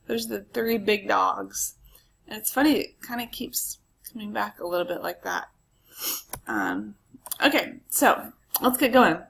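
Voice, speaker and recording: A woman's voice: mid-range voice, measured pace, gravelly, a bit bright, low-quality recording. A woman history teacher giving a casual recorded lecture, chatty and full of ums, with asides to her students.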